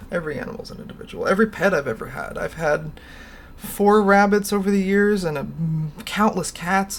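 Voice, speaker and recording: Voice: medium pitch, a bit bright, slight background noise. Rambling, laughing livestream host. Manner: rambling storyteller, laughs often, swears casually. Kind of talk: casual livestream chat.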